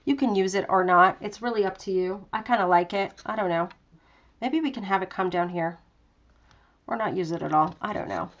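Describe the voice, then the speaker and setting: A chatty young woman walks viewers through a craft project in a casual live tutorial, filling her talk with ums and little jokes at her own expense. Her voice sits at a middling pitch, and the webcast audio sounds a bit dull and lo-fi. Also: brisk. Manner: chatty, self-deprecating, lots of fillers. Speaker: craft demonstrator. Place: home craft room.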